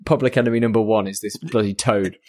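A man's voice: fairly low pitch, steady tone, quick pace, mellow, no room sound, studio quality. A man co-hosting a podcast in casual chat, rambling and joking, often trailing off mid-sentence. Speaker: podcast co-host.

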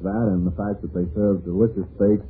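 A man co-hosting an ad-libbed 1940s radio comedy show with dry, deadpan banter. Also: fairly low pitch, a little fast, a little hiss or hum. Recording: tinny 1940s radio broadcast.

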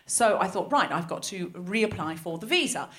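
An Australian woman in her thirties doing stand-up storytelling for a live audience, animated and self-mocking, often laughing through her lines. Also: mid-range voice, moderate pace. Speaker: comedy podcast host. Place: large hall with live audience.

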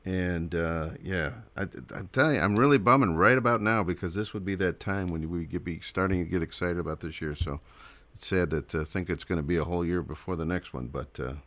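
A man's voice: low-pitched, fairly quick, a bit bright. A man hosting a radio show, chatting casually and easily, with frequent fillers and chuckles. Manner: easygoing, filler-heavy, chuckles often. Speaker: radio host. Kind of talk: casual on-air chat.

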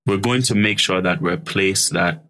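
A young man from Ghana, a guest in an interview, telling animated stories and acting out voices, laughing often. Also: low voice, moderate pace. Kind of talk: storytelling interview.

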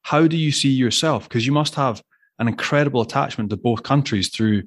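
A man's voice: mid-range voice, fairly quick, dry recording, studio quality. A Scottish man hosting the interview, chatting in a rambling way and laughing easily. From Scotland. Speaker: podcast host. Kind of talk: casual interview chat.

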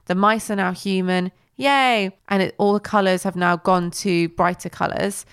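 A woman's voice: mid-range voice, fairly even intonation, normal speed, smooth, no echo, studio quality. A woman co-hosting a casual film review chat, rambling with lots of "like". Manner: chatty, rambling with many likes. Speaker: podcast co-host.

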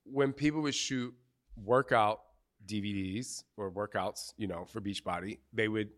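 A man answering questions in front of a group, telling candid stories in animated, slangy speech with cursing and acted-out quotes. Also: lowish voice, unhurried. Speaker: fitness trainer interviewee. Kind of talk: candid storytelling Q&A before a live group. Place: outdoor retreat gathering.

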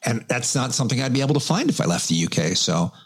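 A man's voice: medium pitch, sing-song, fast, fairly bright tone, husky. A man with an American accent, joking in a dry, self-mocking way while chatting as a podcast guest. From England. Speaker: radio host guest. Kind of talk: casual podcast chat.

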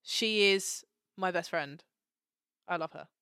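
A woman co-hosting a chatty podcast, bubbly and giggly, who leans hard on her points by repeating them. Her voice is smooth and clear, in a middle register, recorded close and dry. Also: fairly low pitch, takes it slowly, pushed and bright, no room sound. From Australia. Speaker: podcast co-host. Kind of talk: casual chat.

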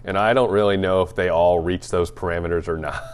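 A man's voice: low voice, fairly even intonation, fairly quick, smooth. A young man co-hosting a casual movie podcast, laid-back and joking, laughing often as he chats. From Atlanta area. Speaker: podcast co-host.

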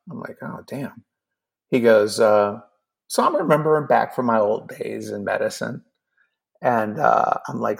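A man's voice: medium pitch, vocal fry. A man in his fifties, a podcast guest, telling a personal story casually and acting out both sides of a conversation. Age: 50s.

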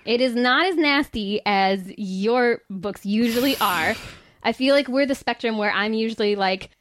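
A woman's voice: on the high side, normal speed, a little hiss or hum. Chatty woman telling a book story. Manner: animated storyteller, many fillers. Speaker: podcast co-host presenting a book. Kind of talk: casual chat.

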